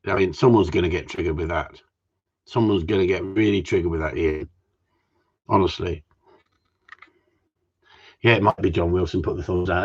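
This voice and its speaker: A man whose low voice has a breathy edge hosts a live stream, chatting in a cheeky, sweary, rambling style that hops from topic to topic. The stream audio is dull and lo-fi.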